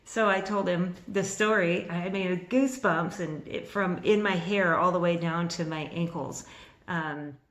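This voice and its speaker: A woman in her fifties telling a personal story to camera in an excitable, rambling way, a little nervous, with restarts and bursts of laughter. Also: lowish voice, measured pace. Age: 50s. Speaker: vlogger. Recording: echoey room.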